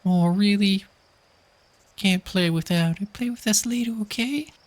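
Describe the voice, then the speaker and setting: A man reading out a video game character's lines in a high, eager little-kid voice as he plays. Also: a little slow. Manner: pleading, bouncy, excited. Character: eager little kid begging to play hide and seek.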